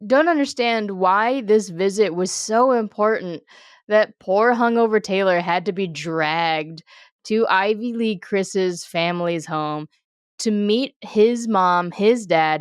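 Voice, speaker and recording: A woman co-hosting a podcast, recapping a show with deadpan quips and frequent laughter. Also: mid-range voice, slow pace, clear, resonant tone, dry recording, clean studio sound. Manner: deadpan one-word quips, laughs often. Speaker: podcast co-host. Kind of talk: casual recap chat.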